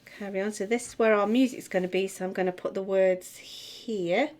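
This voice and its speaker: A middle-aged woman teaching music theory, chatting as she writes and sounding out words slowly. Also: medium pitch, steady tone, a little mellow. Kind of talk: tutorial, talking while writing.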